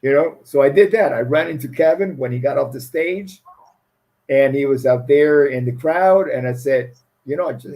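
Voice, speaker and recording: A middle-aged man with a foreign accent, a guest musician in a casual interview, tells stories in a rambling, laughing way and often restarts his phrases. His medium-pitched voice has a darkish tone at normal speed, and the recording is rough.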